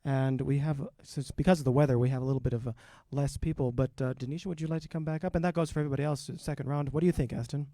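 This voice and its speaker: A man hosting a live open mic in a relaxed, rambling way with many fillers, speaking into a stage mic. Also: mid-range voice, very fast, few pauses, no room sound, studio quality. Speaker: open mic host and educator.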